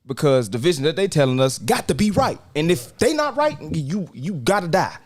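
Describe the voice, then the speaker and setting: A man's voice: on the high side, big pitch swings, fairly quick. A man co-hosting a casual discussion, speaking with passionate, preacher-like emphasis. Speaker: podcast co-host.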